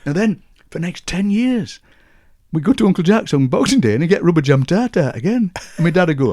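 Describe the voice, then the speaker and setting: This guest poet, a man in his sixties from Yorkshire, England with a Barnsley accent, has a high-pitched, a little mellow, sing-song voice and talks a little fast. He tells chatty, anecdotal stories, chuckling as he goes.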